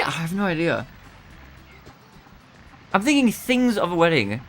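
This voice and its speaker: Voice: mid-range voice, sing-song, unhurried, pauses often, fairly bright tone, faint music behind. A streamer thinking aloud while solving word puzzles, muttering guesses and laughing often.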